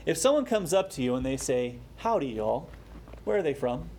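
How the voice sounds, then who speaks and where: A man delivers an expository sermon in a slightly higher-pitched voice, building his points with rising emphasis before dropping into quiet, slowed reflections. Faint hiss sits under the recording. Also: very animated. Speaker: pastor.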